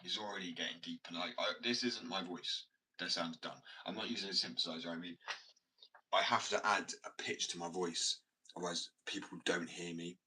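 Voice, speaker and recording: A man's voice: deep voice, fairly even intonation, normal speed, bright, forceful tone. A man chatting casually in a rambling vlog from his workshop, swearing often and talking in a fidgety way. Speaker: skateboard maker. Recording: distant mic, faint background noise.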